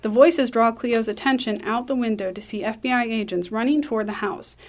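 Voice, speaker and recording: A woman reading a screenplay aloud, brisk, with small slips and restarts. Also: on the high side. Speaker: script reader.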